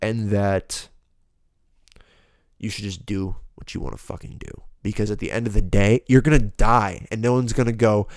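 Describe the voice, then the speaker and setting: A man's voice: fairly low pitch, steady tone, moderate pace, no echo, studio quality. A young man hosting a solo podcast, ranting bluntly and profanely in a rambling, casual way. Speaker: podcast host.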